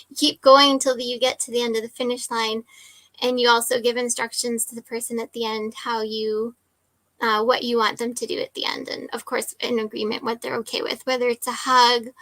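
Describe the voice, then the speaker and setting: Bright, chatty woman telling a story. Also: on the high side, no echo. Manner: chatty, emphatic, many "like" and "right?" tags. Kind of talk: casual storytelling chat.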